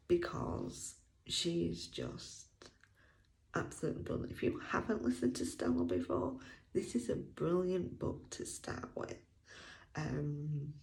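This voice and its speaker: A woman's voice: on the low side, vocal fry, darkish tone. A woman giving a casual audiobook review vlog, chatty and enthusiastic, laughing often and sometimes dropping to a near whisper. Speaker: book reviewer.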